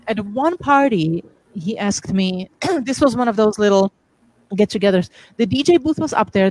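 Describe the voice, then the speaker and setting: A woman's voice: medium pitch, low-quality recording. A woman guest DJ telling stories in a casual interview, acting out quoted dialogue with lots of restarts. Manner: animated, acts out quoted dialogue, frequent restarts and laughs. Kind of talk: casual anecdotal storytelling.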